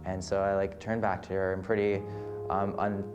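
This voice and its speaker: A young man, a film student, casually telling a story with many fillers and pauses. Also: sits low, level tone. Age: young adult. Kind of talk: casual anecdote. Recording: guitar music behind.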